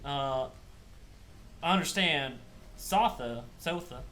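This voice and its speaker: A man's voice: a little high, expressive, normal speed, slight background noise. A man speaking casually and with a joking, hesitant manner while playing his character in a tabletop game. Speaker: player.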